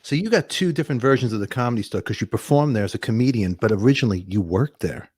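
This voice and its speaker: A man hosting a podcast, excitable and self-mocking in casual interview chat. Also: medium pitch, quick pace, slightly rough, no room sound. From Brooklyn. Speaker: podcast host.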